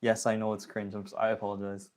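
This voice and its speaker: A man's voice: fairly low pitch, monotone, quick pace, darkish tone. A young man from the area, chatting casually with viewers on a phone livestream, slangy and reading chat comments aloud. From Toronto area, Canada.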